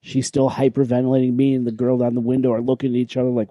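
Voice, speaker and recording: Guy telling a crazy plane story on a podcast, really dark mellow voice, dry close sound. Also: mid-range voice, quick pace, no echo. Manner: animated, swearing, acts out quoted lines. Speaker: podcast co-host. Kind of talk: casual storytelling chat. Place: podcast recording room.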